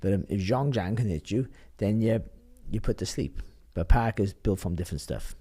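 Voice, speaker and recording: A man's voice: on the low side, expressive, moderate pace, dark tone, breathy edge. A man talking as a boxing pundit in a casual panel chat, rambling, restarting his sentences and swearing freely.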